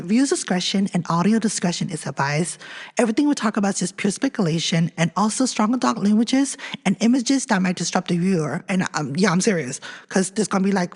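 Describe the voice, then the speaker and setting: A woman's voice: medium pitch, breathy edge. Chatty woman podcast host, echoey room. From Fresno, California. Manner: chatty and excitable, many "like" fillers, addresses listeners directly. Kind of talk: casual podcast chat and reading history notes. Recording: long reverb, hall-like echo.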